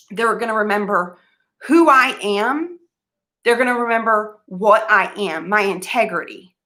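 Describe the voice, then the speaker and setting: A woman's voice: on the high side, sharp tone. A young woman talking to camera, earnest and emphatic, sometimes losing her train of thought. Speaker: vlogger giving money advice. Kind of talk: casual talk to camera.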